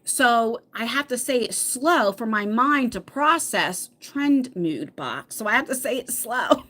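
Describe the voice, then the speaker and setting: A chatty middle-aged woman hosting a relaxed live chat with viewers. Her voice sits fairly high and swings a lot as she talks. She laughs easily and trips over her words. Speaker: livestream host reading viewer comments. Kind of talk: casual chat.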